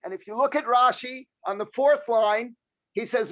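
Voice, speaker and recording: A man in a Talmud class on a video call argues his point with confidence. His voice sits very high for a man. The sound is close and dry. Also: normal speed, fairly bright tone, no echo. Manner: assertive, argues a textual point line by line. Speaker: class participant.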